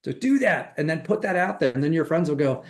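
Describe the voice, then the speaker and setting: Man, middle-aged, fairly high voice, motivational coaching, enthusiastic, acts out quoted dialogue. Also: lively intonation, fast. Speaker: real estate coach. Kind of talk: motivational training talk.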